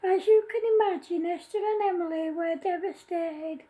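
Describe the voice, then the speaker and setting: Woman, very high voice, mellow tone, homemade story reading. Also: normal speed, low-quality recording. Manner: plain reading with small slips and restarts. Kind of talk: read-aloud storytelling.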